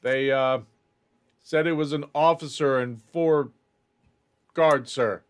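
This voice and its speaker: Jumpy prison guards rush out anxious reports to their superior, as a man voices them in a tabletop game. The voice sits higher and louder than his own, tense and hurried. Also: fairly even intonation, clean tone, natural voice. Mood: nervous.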